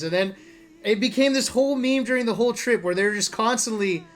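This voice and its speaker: A man telling travel stories in a casual vlog, animated and profane, often laughing as he talks. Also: high voice, fairly quick. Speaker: esports player vlogger. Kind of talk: casual storytelling monologue.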